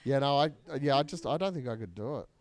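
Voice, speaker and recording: A man's voice: mid-range voice, lively intonation, quick pace. An Australian man hosting a fundraiser stream, chatting casually and joking at his own expense, laughing often. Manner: jokey, self-mocking, laughs often. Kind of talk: casual chat.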